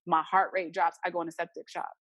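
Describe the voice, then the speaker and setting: Fast-talking woman telling a story. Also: on the low side, dry recording. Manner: animated, acts out dialogue in her story. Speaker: interview guest. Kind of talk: casual personal storytelling.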